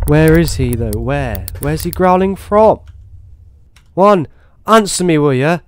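A British man with an English accent and a slightly higher voice, commentating a horror game he is playing. He reacts jumpily and swears freely. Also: takes it slowly. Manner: jumpy, swearing, excitable reactions. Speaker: gaming YouTuber.

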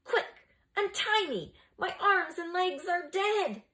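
A woman reading aloud, voicing an irritable old male teacher who shouts indignant complaints. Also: very high-pitched, expressive, slow pace, pitched above the performer's own voice, full character voice. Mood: angry, indignant.

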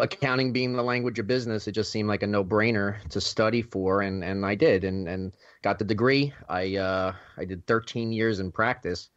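Low-voiced New York man, dry sound. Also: no room sound, dull audio. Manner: earnest, hesitant with many fillers. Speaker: guest accountant. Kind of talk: interview answers.

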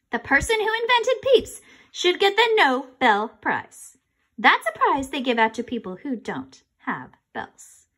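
A woman reads a children's chapter book aloud with animated storytelling energy. Her high voice bounces through lively, expressive swings.

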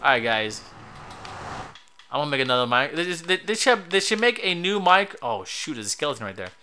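A middle-aged man hosting a casual let's-play with his kid, excitable and slangy, laughing often. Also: a little high, a little fast, slight background noise. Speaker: gaming channel host and father.

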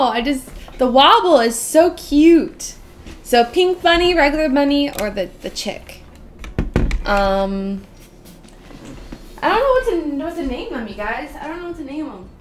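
A woman's voice: high voice, a little hiss or hum. A young woman giving casual gameplay commentary, gushing and squealing over cute things with lots of giggles. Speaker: gaming channel host.

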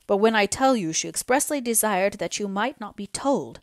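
A woman voicing a kindly older male doctor in an audiobook reading, speaking in a gentle, fatherly way. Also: mid-range voice, lively intonation, normal speed, dry recording, clean studio sound, natural voice. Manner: soothing, fatherly.

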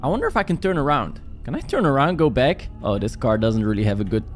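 A man doing joking, animated play-by-play commentary while playing a horror game. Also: medium pitch, fast, faint music behind. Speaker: gaming YouTuber.

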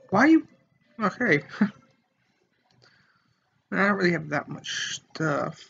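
Young male let's player, high voice, jokey rambling, muffled mic with faint hiss. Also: fairly bright tone. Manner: joking, rambling, talks to viewers. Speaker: gamer. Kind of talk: casual let's play commentary.

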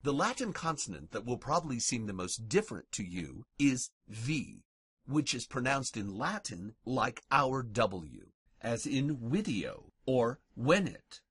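A man narrating a scripted lesson as a language teacher, carefully and deliberately sounding out each example word. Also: mid-range voice, sing-song, fairly bright tone, husky, dry recording.

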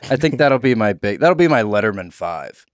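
A man's voice: on the low side, very animated, a little fast, no echo, studio quality. A man, a comedian guest, chatting casually on a podcast in a rambling, laid-back way and laughing often.

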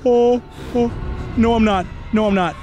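A young man playing a horror game, swearing, pleading and shouting in panic. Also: very high-pitched, fairly even intonation, a little slow, lo-fi sound. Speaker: VR gamer and host. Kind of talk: panicked gaming commentary.

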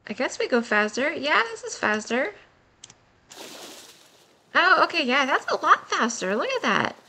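A young woman giving excited, giggly commentary while playing a game, her voice worn from a long stream. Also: sits high, a little slow, slight background noise. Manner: gushing, giggly, exclaims often. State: voice nearly gone, worn.

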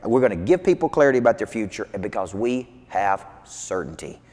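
A man's voice: fairly low pitch, a little fast. Man, motivational coach, emphatic, repetitive rhythm, echoing hall. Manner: emphatic, repetitive, energetic preaching cadence. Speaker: business coach. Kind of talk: motivational talk. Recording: long hall reverb.

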